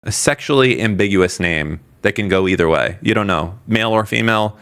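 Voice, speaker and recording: A man's voice: lowish voice, brisk, fairly bright tone, clear, resonant tone. A man co-hosting a casual podcast, blunt and swearing freely as he jokes. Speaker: podcast co-host.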